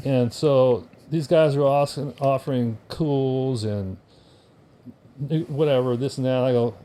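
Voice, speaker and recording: An older American man, a veteran appearing as a podcast guest, tells casual stories with wry humor and acts out the people he quotes. His voice is medium-pitched, unhurried and mellow.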